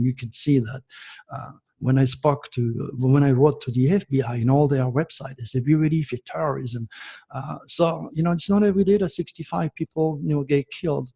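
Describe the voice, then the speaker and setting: A Frenchman hosts an astrology show, delivering an impassioned video monologue that rants and turns emotional. His voice sits at medium pitch and sounds creaky and mellow with a breathy edge.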